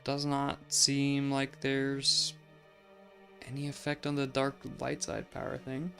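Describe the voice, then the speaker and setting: A man's voice: medium pitch, monotone, slow, vocal fry, a bit bright, faint music behind. A man hosting a let's play, giving casual gameplay commentary in a chatty, musing way, often saying "like" and laughing.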